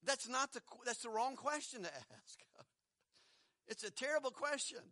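Preacher, male, middle-aged: high, bright voice, dry close sound, chatty sermon delivery. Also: lively intonation, normal speed, no room sound. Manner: conversational, rhetorical questions, chuckles between points.

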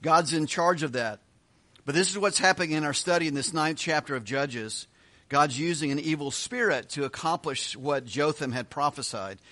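A man teaching a Bible study as a pastor, retelling scripture with quick voiced asides and chuckles. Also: a little high, sharp tone.

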